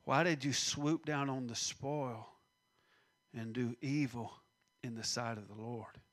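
A man's voice: medium pitch, fairly even intonation, slow, fairly bright tone. A man preaching a sermon, acting out the voices in the scripture and dropping to a near-whisper at times.

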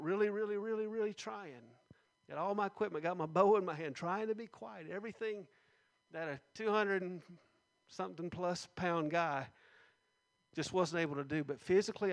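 Man, middle-aged, slightly high voice, earnest testimony, goes soft and low at heavy moments, indoor hall. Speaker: speaker giving a personal testimony. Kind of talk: personal testimony told to a gathering.

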